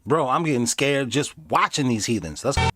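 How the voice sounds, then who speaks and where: A man doing casual live commentary on videos, animated and sarcastic, slipping into mocking voices. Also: mid-range voice, brisk, over music. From inner city. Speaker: streamer reacting to videos.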